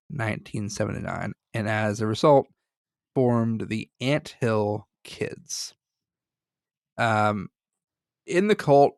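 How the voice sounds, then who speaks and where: A man's voice: fairly low pitch, creaky, no echo, studio quality. A man co-hosting a podcast in casual chat, joking and swearing freely as he reads through a story. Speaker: podcast co-host.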